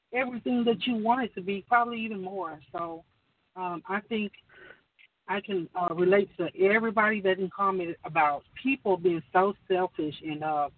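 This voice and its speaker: A woman's voice: medium pitch, creaky, dry recording. A woman on a call talking earnestly about running her own business, rambling with many fillers. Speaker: caller sharing business advice. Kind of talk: casual chat. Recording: distant tinny phone line.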